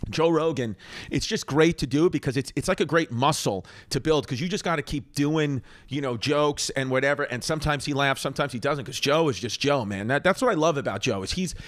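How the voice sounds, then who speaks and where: Comedian man, rambling storyteller, self-mocking, slightly high voice. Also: brisk, fairly bright tone, dry recording, studio quality. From New York. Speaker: podcast comedian. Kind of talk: casual storytelling.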